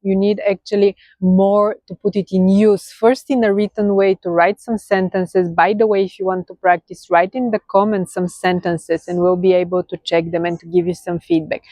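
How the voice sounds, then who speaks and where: A woman's voice: medium pitch, fairly even intonation, moderate pace, hardly any pauses, mellow, dry recording. A woman with a Bulgarian accent teaching a grammar lesson in English, patiently checking in with "okay?". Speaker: language teacher.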